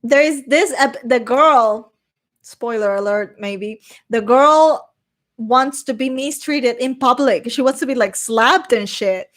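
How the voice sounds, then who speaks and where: A young woman streamer chats casually with her chat, reading comments aloud, rambling, swearing now and then and slipping into Spanish. Her voice is fairly high-pitched and slow.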